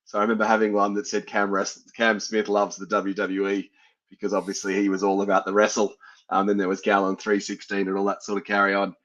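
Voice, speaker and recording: A man's voice: lowish voice, monotone, a little fast, a bit bright. An Australian man hosting a sports podcast, chatting casually and laughing at his own fumbles. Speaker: podcast host. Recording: dull lo-fi sound.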